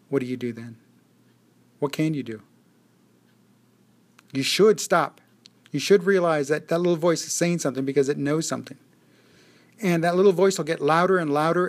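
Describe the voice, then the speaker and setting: In this daily motivational talk, a fairly high-pitched man speaks casually and reflectively. He tends to circle back to the same phrases while speeding up and slowing down.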